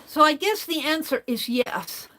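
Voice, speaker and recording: A woman's voice: high-pitched, expressive, a little slow, a bit bright. A woman hosting a crafting livestream, chatting casually and reading viewer comments aloud as she works.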